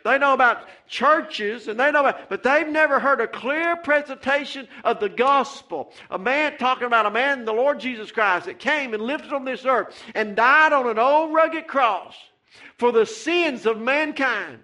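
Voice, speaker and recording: At a moderate pace, a man delivers a fervent church sermon in a bright, forceful, extremely high-pitched voice. His preaching is repetitive, punctuated with shouts of "Amen" and "Hey".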